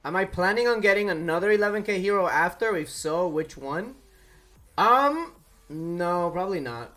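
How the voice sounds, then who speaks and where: Animated man chatting on a game stream. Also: high voice, normal speed. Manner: animated, talks to chat and coos to his cat. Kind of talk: casual live-stream chat.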